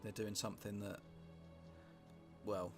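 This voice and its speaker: Gravelly British man musing over a game. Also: fairly low pitch, flat delivery, measured pace. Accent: British English. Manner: rambling, wry, sweary asides, musing aloud. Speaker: gameplay commentator. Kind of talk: casual let's-play commentary. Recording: music playing underneath.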